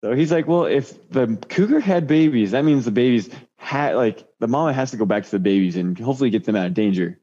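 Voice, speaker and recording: A man's voice: on the low side, fast talker, hardly any pauses, mellow. Laid-back man with a dull, lo-fi sound. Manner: laid-back, rambling with fillers. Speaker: guest recounting a cougar encounter. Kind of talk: casual interview.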